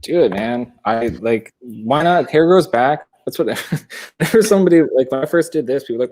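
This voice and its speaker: A man's voice: medium pitch, animated, fairly quick, a little mellow. A young man on a video call, chatting casually and rambling, laughing often and swearing. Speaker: podcast guest.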